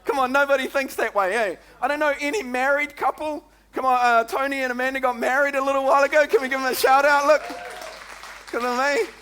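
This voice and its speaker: Some chatter can be heard behind a New Zealand-accented pastor as he preaches quickly in a very high-pitched voice. His sermon is lively and chatty, with frequent calls of "come on" and "eh?" to the congregation.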